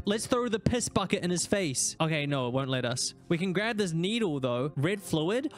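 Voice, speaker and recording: A man giving joking, profane, excitable commentary while streaming a game. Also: high-pitched, brisk, hardly any pauses. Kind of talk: casual gaming commentary.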